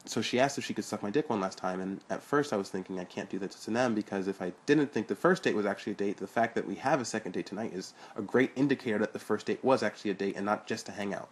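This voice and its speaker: Casting: a husky, whiny young guy who rattles off his bragging fast and high, as a male reader performs him. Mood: boastful. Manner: high-pitched, emphatic, fast in bursts. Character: excitable whiny young man, boastful.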